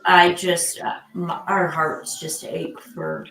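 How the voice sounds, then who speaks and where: Slow-talking older woman, rambling chat. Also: lowish voice, sing-song, fairly bright tone, reverberant, rough recording. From Michigan. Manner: rambling, many fillers and restarts. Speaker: live stream host. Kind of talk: casual chat.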